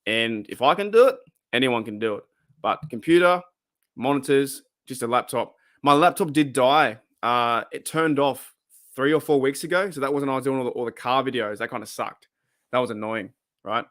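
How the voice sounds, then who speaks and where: A man's voice: medium pitch, normal speed, a bit bright. A man with an Australian accent, chatting casually on his own show in a small home room into a desktop microphone, rambling and restarting his sentences. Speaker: podcast host answering fan questions. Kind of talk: casual solo chat. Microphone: desktop USB microphone.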